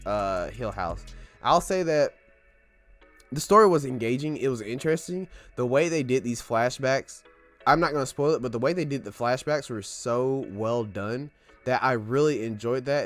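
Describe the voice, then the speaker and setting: A man's voice: medium pitch, a bit bright. Candid young man hosting a casual podcast. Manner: candid, rambling, joking, swears freely. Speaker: podcast host. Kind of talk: casual solo podcast monologue.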